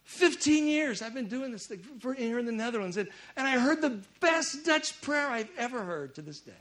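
A middle-aged man preaching a sermon, telling a personal story in a conversational way that swings between loud urgency and hushed intensity. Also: very high-pitched, very animated, moderate pace.

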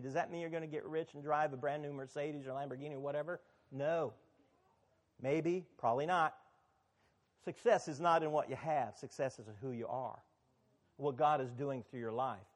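A man, the pastor of a church, preaching a sermon in a conversational, sometimes emphatic way. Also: on the high side.

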